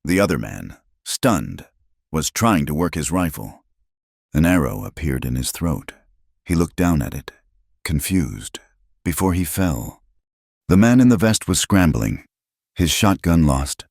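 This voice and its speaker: Deep-voiced guy reading a western tale, dead dry sound, no room at all. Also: sing-song, measured pace, creaky, darkish tone, no room sound. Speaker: narrator. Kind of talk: scripted narration.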